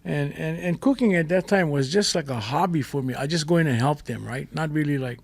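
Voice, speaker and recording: Gravelly-voiced older man telling stories. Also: fairly high pitch, a little fast. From Hawaii. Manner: lively storyteller with pidgin turns. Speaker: guest chef. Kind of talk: casual storytelling.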